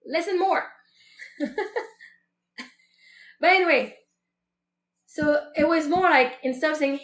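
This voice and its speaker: High-voiced woman in her thirties, roomy sound. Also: measured pace, long pauses. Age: 30s. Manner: candid, chatty, full of fillers and self-quoting. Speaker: show host. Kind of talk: personal reflective monologue. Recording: roomy echo.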